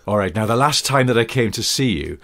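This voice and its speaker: A man playing a chirpy male TV home-makeover presenter, with a bright, mock-presenter delivery. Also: mid-range voice, lively intonation, fast. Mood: cheery.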